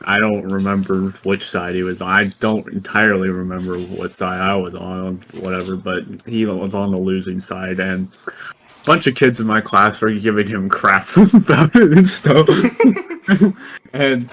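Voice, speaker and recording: Slow, halting low-voiced man. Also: a bit bright, poor audio. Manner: halting, many ums and uhs, chuckling. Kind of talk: casual storytelling.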